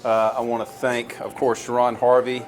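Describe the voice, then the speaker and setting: A man in his forties speaks with a Southern American drawl. He gives a campaign stump speech in a folksy, storytelling way, pitched in a plain middle register. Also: completely flat delivery, normal speed. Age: 40s. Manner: folksy, earnest storytelling with a crowd-rousing push. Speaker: presidential candidate.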